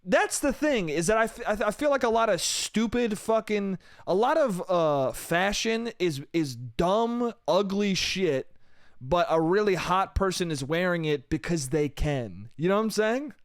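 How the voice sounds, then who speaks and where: A young man hosts a solo comedy podcast, rambling and poking fun at himself, swearing freely and calling the listener dude and bro. His voice is high-pitched and expressive, and he takes his time. The studio-quality recording has no room sound.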